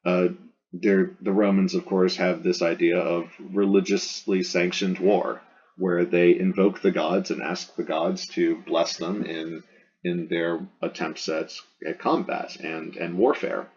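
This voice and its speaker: A man's voice: sits low, flat delivery, a little slow, a little mellow, husky. A man lecturing through a Latin text line by line, explaining words in a conversational way with frequent fillers and restarts. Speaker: Latin teacher. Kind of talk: line-by-line classroom translation lecture. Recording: dull lo-fi audio.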